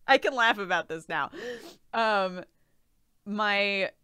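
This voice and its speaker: A young woman chats on a live stream while pregnant, her voice bright and crisp with lots of swing in pitch. She laughs often and swears casually, and the close mic sounds dry. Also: wildly swooping pitch, drawn-out words, no echo.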